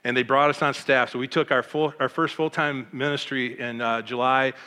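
A man's voice: mid-range voice, moderate pace, big-room sound. A middle-aged man from Michigan, a pastor, telling his life story with emotion and acting out the voices of the people in it. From Michigan, USA. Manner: animated, emotional, acts out quoted voices. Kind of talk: personal testimony storytelling.

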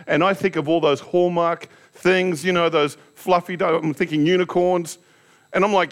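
A high-pitched man speaking at normal speed gives a sermon as a pastor. He's frank and self-deprecating, drawing on his own stories and throwing rhetorical questions at his listeners.

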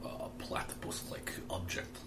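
A man voicing a big, jovial, bearlike male noble in a mock Russian accent, with a dry, measured manner. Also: whispered, lightly acted. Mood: dry scheming.

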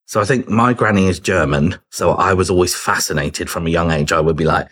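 Man, middle-aged, podcast guest: very low husky voice, chatty and easy-laughing. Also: a little fast, fairly bright tone. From Britain. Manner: chatty, laughs easily, acts out remembered dialogue. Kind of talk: casual podcast conversation.

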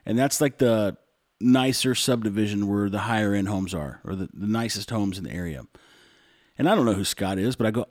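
A man from Texas telling casual stories to camera in a lively way, acting out both sides of the dialogue. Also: fairly low pitch, a little fast, no room sound, studio quality. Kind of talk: casual storytelling.

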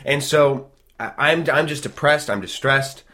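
An ordinary mid-range male voice, neither high nor low. He tells his story in loose, animated casual chat, piling up clauses and restarting sentences. He acts out what others said along the way. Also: a little slow. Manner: animated, rambling, frequent restarts, acts out quoted dialogue.

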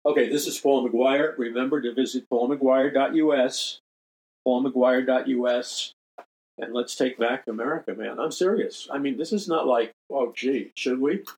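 A man's voice: mid-range voice, moderate pace, a little mellow, rough recording. Emphatic older man hosting a talk radio show. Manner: emphatic, repeats key phrases, earnest appeals. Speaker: radio show host and minister.

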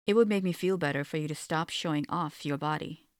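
A woman's voice: deep voice, brisk, dry recording, studio quality. A woman reading the lines of a sly, controlling husband with a drawl in a story. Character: sly controlling Southern husband, adult man.

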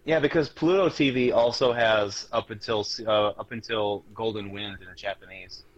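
A man's voice: on the low side, moderate pace, highs cut off. A man co-hosting a podcast, teasing his friends in a dry, sarcastic way. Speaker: podcast co-host. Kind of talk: casual chat.

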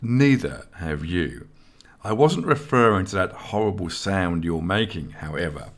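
A man's voice: low-pitched, big pitch swings, measured pace, exaggerated voice. A man reading an audiobook voices a fussy, exasperated young man who corrects his friend with patient primness. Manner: prim and exasperated.

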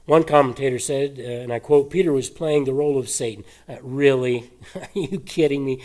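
A man preaching a sermon, animated and full of rhetorical questions and scoffing laughs. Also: mid-range voice. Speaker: pastor.

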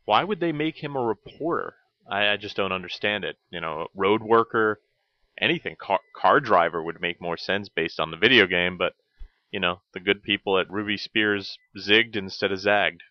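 A man's voice: low voice, fairly even intonation, normal speed, no echo, dull audio. A man narrating a scripted retro cartoon review as host, with dry joking asides.

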